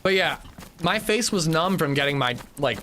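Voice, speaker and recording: Bright-voiced male game streamer. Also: fairly high pitch, expressive, moderate pace, a little hiss or hum. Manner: chatty, stretches out names while thanking viewers; flustered, stammering gratitude. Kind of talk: casual livestream gameplay commentary.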